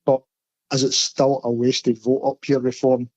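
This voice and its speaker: A blunt Scottish man chatting as a podcast correspondent, telling stories in a low, mellow voice. His sound comes through a dull, lo-fi line that is dry and close, with no room around it. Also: little pitch movement, unhurried, no room sound. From Scotland. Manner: blunt, storytelling. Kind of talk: casual podcast chat.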